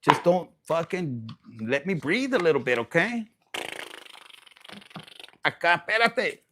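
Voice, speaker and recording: A man's voice: a little high, big pitch swings, normal speed, background noise. A man hosting a tarot livestream, chatting casually to viewers in a crude, playful, laughing way and mixing in Spanish words.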